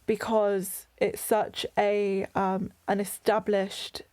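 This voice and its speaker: A woman's voice: medium pitch, little pitch movement, slow, a little mellow. A young British woman with an enthusiastic, gushing manner, chatting casually as an interview guest. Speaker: guest, burlesque performer.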